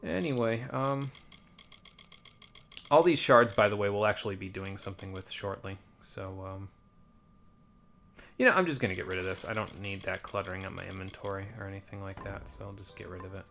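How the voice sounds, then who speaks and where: A man's voice: low voice, fairly quick, a bit bright, soft background music. A man giving casual, rambling commentary while playing a video game, with wry muttered asides. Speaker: let's play streamer.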